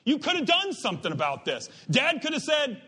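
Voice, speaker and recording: A man preaching a sermon, animated and emphatic, drifting into asides and restarting his sentences. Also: very high-pitched, fairly quick. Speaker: pastor.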